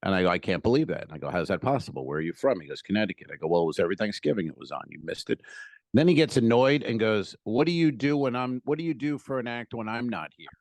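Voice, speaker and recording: A man co-hosting a comedy podcast, telling profane, jokey stand-up stories in a casual, animated way. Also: fairly low pitch, quick pace, dry recording, clean studio sound. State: feeling unwell.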